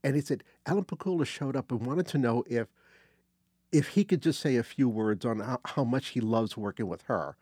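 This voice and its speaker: An older man telling a casual anecdote as a guest, animated, acting out quotes and restarting phrases. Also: medium pitch, moderate pace, dry recording, clean studio sound. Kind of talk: casual storytelling.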